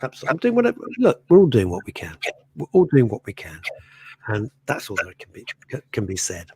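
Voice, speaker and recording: A man co-hosting a radio talk show who reads listener messages aloud in a theatrical, animated way and laughs often. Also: on the low side, fast talker, breathy edge, no echo. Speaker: radio co-host. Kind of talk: casual radio chat, reading listener messages.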